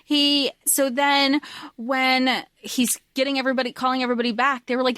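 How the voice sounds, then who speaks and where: A woman co-hosting a podcast, gushing with excitement about a book in casual chat. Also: high voice, moderate pace, dry recording, clean studio sound. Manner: gushing, excited fan talk. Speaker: podcast co-host.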